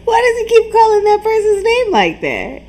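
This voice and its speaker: A woman's voice: very high voice, huge pitch swings, normal speed, a little mellow. A woman commenting on stream clips, teasing the streamer and laughing at him. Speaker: reaction commentator. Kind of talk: mocking commentary over clips.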